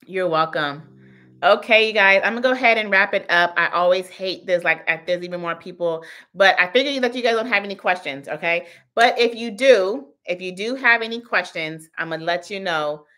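A woman's voice: mid-range voice, fairly quick, bright, forceful tone. A woman in her thirties hosting a casual livestream Q&A as a business coach, chatty and laughing often as she answers the chat.

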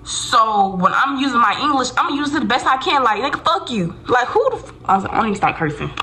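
A woman's voice: fairly high pitch, sing-song, fast talker, pushed and bright, a little hiss or hum, poor audio. A woman chatting casually to her phone camera in a vlog, slangy and full of fillers. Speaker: vlogger.

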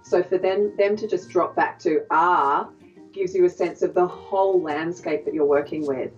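A woman's voice: fairly low pitch, normal speed. A woman technique in thoughtful, hesitant answers full of small fillers. She sounds a little distant and muffled, with faint music underneath. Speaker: accent coach. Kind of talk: explanatory interview answers.

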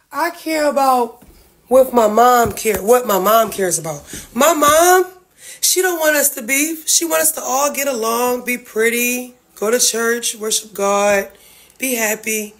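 A woman's voice: a little high, a little hiss or hum. A woman venting to her livestream viewers about family feuds, blunt, profane and heartfelt. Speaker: reality-TV family member livestreaming.

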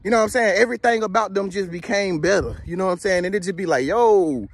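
A man giving a casual motivational talk, animated and slangy, joking as he tells stories. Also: high-pitched, quick pace, a little hiss or hum. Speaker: motivational vlogger.

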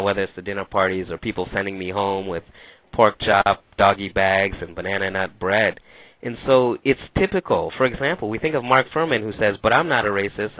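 A man's voice: on the low side, no room sound. A man being interviewed as an author, explaining his views in an articulate way. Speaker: author, guest. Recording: dry tinny phone line.

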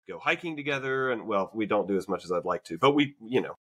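Man, low voice, casual podcast chat, rambling and reflective, lots of fillers. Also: lively intonation, fast talker, fairly bright tone, slightly rough. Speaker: podcast co-host. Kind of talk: casual conversation.

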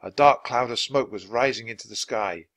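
A man narrating a children's storybook aloud, expressive and switching voices for each character. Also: mid-range voice, normal speed. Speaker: audiobook reader.

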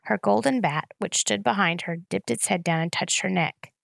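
A woman reading a novel aloud with steady storytelling narration. Her voice is strongly gravelly and fry-laden, recorded close and dry. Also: mid-range voice, moderate pace, no echo. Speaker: reader.

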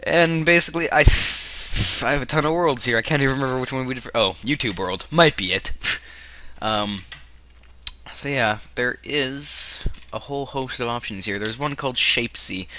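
A Canadian man with a hoarse voice, half losing it, rambling through casual game commentary with joking asides. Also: mid-range voice, normal speed, pushed and bright, slight background noise. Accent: Canadian English. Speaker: gaming video creator.

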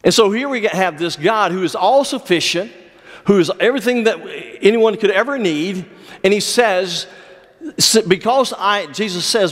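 A pastor preaching an earnest sermon, with measured delivery and dramatic pauses. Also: male voice, high-pitched, fairly bright tone. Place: church sanctuary. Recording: long church reverb.

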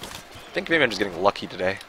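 Excitable man streaming a shooter game. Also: on the low side, fast. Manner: excitable, swears, mutters to himself, bursts into yells and laughs. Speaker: gaming livestreamer. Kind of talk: live gameplay commentary.

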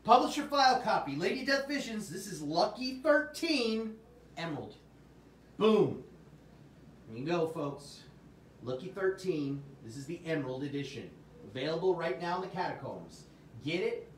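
A man's voice: a little high, far from the mic, a little hiss or hum. A man hosting a livestream sales show, with upbeat salesman patter and chatting with his viewers. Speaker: host. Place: Arizona. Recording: roomy sound from off the mic.

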